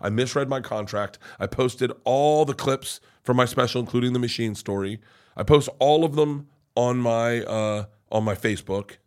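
Speaking at normal speed with a medium-pitched voice, this middle-aged man is a comedian guest. His storytelling chat is casual, profane and meandering, full of restarts.

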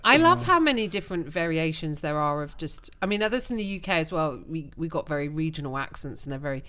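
An English woman comedian in casual, playful podcast chat, lively and quick to mimic accents. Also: sits low. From England. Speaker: guest comedian.

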